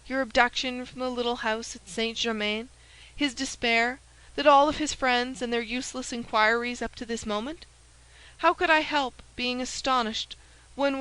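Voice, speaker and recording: A woman's voice: on the high side, poor audio. Milady, a woman playing a scheming false-sweet lady. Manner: smooth, feigned warmth.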